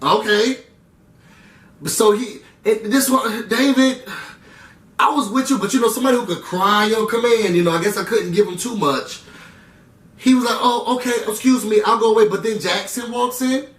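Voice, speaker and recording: High-voiced chatty man, roomy sound. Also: moderate pace, recorded from a distance. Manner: animated, chatty, slangy, full of asides to viewers. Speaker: reality TV recap vlogger. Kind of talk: casual chat recap. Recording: roomy room sound, away from the mic.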